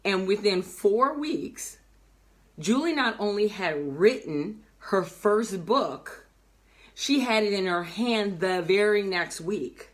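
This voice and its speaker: A woman business coach giving an animated, emphatic motivational talk, acting out the people she quotes. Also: mid-range voice.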